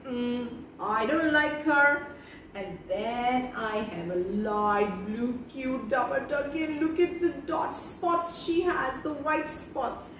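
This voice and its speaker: A woman's voice: fairly high pitch, takes it slowly. Lady reading a kids' story, bouncy singsongy voice, far off in a roomy echoey space. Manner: animated, sing-song, talks to children. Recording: echoey room, far from mic, noisy.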